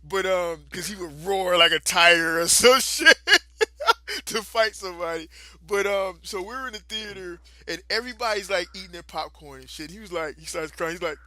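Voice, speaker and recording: A podcast co-host with a high, sharp voice at normal speed tells a long, profane story and laughs often. It's a casual storytelling chat, recorded with no room sound.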